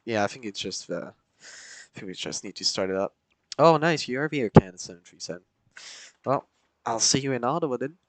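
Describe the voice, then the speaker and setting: On his flight sim stream, a man with a lowish voice plays pilot, reads back radio calls, and keeps up relaxed, casual chatter with viewers, answering chat with fillers. No room sound is audible.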